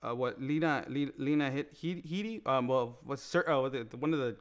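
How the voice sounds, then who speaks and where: A man's voice: mid-range voice, normal speed, clear, resonant tone. Rambling man reviewing a movie. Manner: rambling, many restarts, animated. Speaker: podcast co-host. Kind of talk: casual movie review chat.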